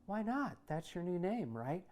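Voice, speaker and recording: A man's voice: sing-song, unhurried, darkish tone. A man doing a breezy hippie mother. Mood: dismissive. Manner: coaxing, offhand, belts out shrill long calls.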